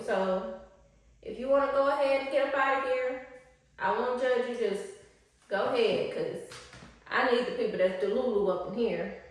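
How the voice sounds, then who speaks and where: A woman's voice: mid-range voice, normal speed, far from the mic. A woman, a spiritual life coach, talking in a casual, playful and slangy vlog style. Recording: echoey room, voice off-mic.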